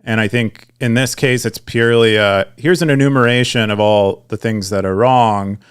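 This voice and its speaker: A man's voice: lowish voice, steady tone, moderate pace, clear, resonant tone. A young man co-hosting a podcast, talking casually with frequent fillers and restarts. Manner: rambling, many restarts and fillers. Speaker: podcast co-host. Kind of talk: casual chat.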